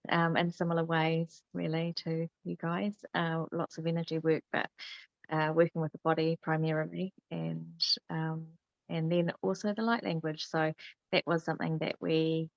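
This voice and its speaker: A woman healer hosting a casual podcast chat, chatty and quick to laugh. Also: low-pitched, little pitch movement, creaky, no echo, muffled recording. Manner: chatty, laughs often, fillers. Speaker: host, healer.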